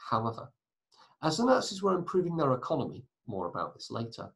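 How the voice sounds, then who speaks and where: A man teaching a recorded history lesson in a chatty way, full of asides and quick self-corrections. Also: medium pitch, big pitch swings, gravelly, a bit bright, rough recording.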